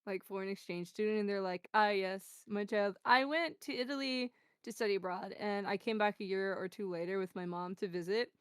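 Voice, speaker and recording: A young American woman chatting as a guest, telling stories in a relaxed, wry way that often drops to soft asides. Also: mid-range voice, a little fast, clean tone, dry recording, studio quality. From United States. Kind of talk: casual chat.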